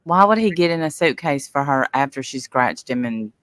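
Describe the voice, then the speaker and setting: A woman's voice: rumbling low, expressive, moderate pace, a bit bright, dry recording, clean studio sound. A woman co-hosting a casual reaction chat, thinking aloud and hedging her views. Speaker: co-host.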